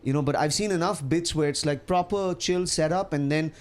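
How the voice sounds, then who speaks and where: A man with an Indian accent, a comedian chatting as a podcast guest, animated and quick to laugh. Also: a little high. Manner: animated storyteller, laughs often, many restarts. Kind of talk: casual podcast chat.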